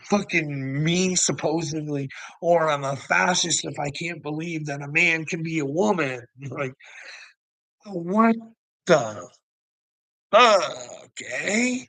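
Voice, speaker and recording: A man's voice: on the high side, takes it slowly, pushed and bright, no room sound, low-quality recording. A man hosting a casual livestream, ranting profanely and rambling, laughing often as he talks. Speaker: livestream host.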